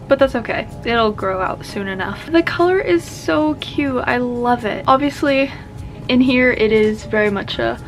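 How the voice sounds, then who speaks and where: A woman vlogging her at-home hair dye and haircut, chatty, upbeat and self-deprecating. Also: high voice.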